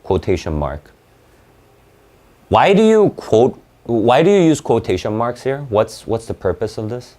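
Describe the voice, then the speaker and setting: During a live online SAT lecture, this tutor speaks with a medium pitch and a warm tone, very animated yet measured in pace. He explains in bursts, frequently checking in with "right?" and "okay?"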